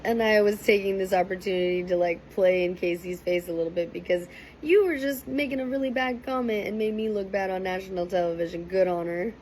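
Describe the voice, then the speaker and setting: A woman's voice: mid-range voice, brisk, slight background noise, low-quality recording. Chatty woman recapping a reality show. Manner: chatty, animated, quotes people in raised voices. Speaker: reaction commentator. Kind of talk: casual recap commentary.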